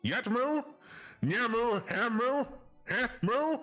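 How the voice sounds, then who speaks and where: A man's voice: extremely high pitch, animated, slow, pushed and bright, voice pushed up, full character voice. A man voicing a goofy, dim-witted young male cartoon slacker who tacks a cow moo onto every word. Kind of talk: comedic character voice on a live stream.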